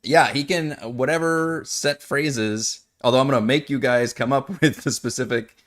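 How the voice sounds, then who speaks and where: A man's voice: mid-range voice, moderate pace, a bit bright. A man with a Texan accent, chatting and laughing often as the game master of a tabletop game. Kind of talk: casual out-of-game table chat.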